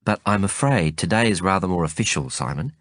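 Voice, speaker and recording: A man's voice: low-pitched, expressive, brisk, no echo, clean studio sound. A man voicing a composed young woman with an Australian accent, a dryly amused undercover officer, in an audiobook reading.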